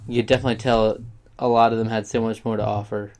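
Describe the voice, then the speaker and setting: A man's voice: on the low side, flat delivery, quick pace, darkish tone. A young man talking in a casual, rambling vlog monologue, often sidetracking himself and speaking with heartfelt sincerity. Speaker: YouTuber.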